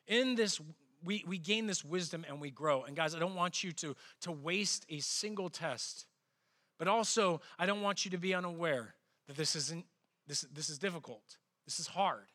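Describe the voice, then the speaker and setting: This middle-aged pastor's sermon feels chatty and personal; he impersonates the people he quotes, his pitch jumping suddenly. He keeps a moderate pace and a sharp tone.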